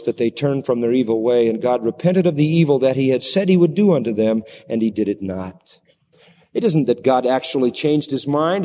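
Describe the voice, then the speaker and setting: A man preaching a sermon in a dramatic, animated way that plays up the story for his listeners. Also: medium pitch. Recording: long hall reverb.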